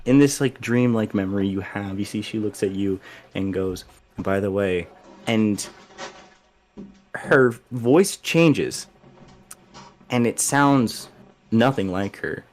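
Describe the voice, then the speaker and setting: A man's voice: on the low side, measured pace, darkish tone. A man narrating a tabletop game as game master, in loose, filler-heavy speech full of "like".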